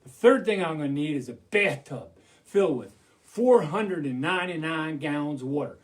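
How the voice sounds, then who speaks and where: A man telling a children's story as a puppeteer, animated and calling out to the audience to join in. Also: on the high side, moderate pace. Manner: animated, call-and-response with the audience.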